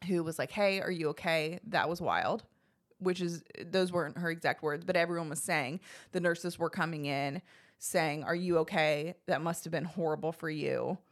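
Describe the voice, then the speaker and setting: A woman with a fairly low voice tells a personal story in casual podcast talk. She is chatty and animated, and she slips into quoted lines from the people in her story. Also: normal speed. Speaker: podcast co-host telling her birth story.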